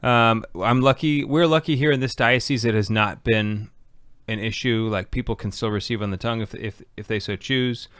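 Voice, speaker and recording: A man's voice: medium pitch, steady tone, moderate pace, a bit bright, clean tone, no echo, clean studio sound. A man co-hosting a casual chat show, joking around and often trailing off into fillers. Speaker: podcast co-host.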